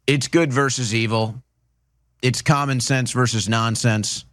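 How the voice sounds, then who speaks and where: A man's voice: medium pitch, fairly even intonation, measured pace, a bit bright, dry recording, studio quality. A man giving indignant political commentary, hammering his points through repetition. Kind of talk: opinion commentary.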